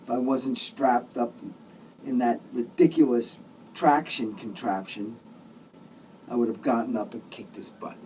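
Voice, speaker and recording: A man's voice: medium pitch, steady tone, a little slow, darkish tone, distant mic, slight background noise, rough recording. A man, the author, reading his own comic novel aloud in a sardonic, grumbling manner with mock outbursts.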